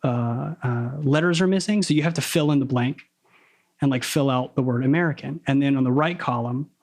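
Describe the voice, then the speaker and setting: A man talking as a podcast guest, over-enunciating his words on purpose and stopping to correct himself as he probes ideas. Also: mid-range voice. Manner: deliberately crisp, over-enunciated diction; analytical, probing, self-correcting. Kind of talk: casual conversation.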